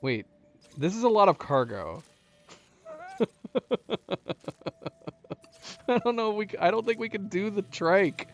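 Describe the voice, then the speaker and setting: Very animated and speaking at normal speed, this let's-play host has a high-sitting voice. He thinks aloud in a chatty, wry way, joking about the game's characters as he plays.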